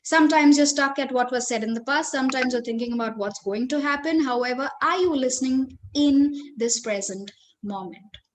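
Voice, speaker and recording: A woman's voice: high voice, fairly quick, slight background noise. A woman with an Indian English accent leading a live online training webinar, speaking expressively and addressing her audience directly. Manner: expressive, varies tone and stress, engages the audience directly. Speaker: corporate trainer.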